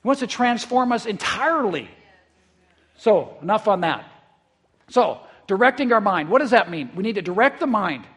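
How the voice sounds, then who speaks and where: A male pastor preaching a conversational sermon. He is lively and repeats words when he gets excited. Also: sits high, moderate pace, breathy edge. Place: church in eastern South Dakota.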